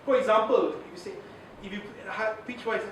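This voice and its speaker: A man giving a lively communications workshop to an audience, laughing often and acting out examples. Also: high voice, quick pace, a little hiss or hum. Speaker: communications trainer. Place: large room with audience. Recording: very echoey room, voice from far off.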